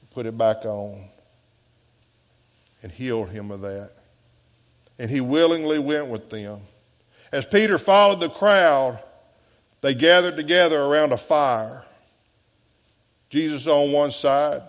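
A man preaches from the pulpit at a middle pitch, rising into emphatic bursts and then dropping to soft, low passages. His voice carries a long reverb from the church sanctuary around him. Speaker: pastor. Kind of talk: sermon.

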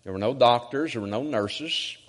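A man voicing a calm, gentle older pastor with a deep voice, speaking softly and slowly. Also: long reverb tail, natural voice. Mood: soothing.

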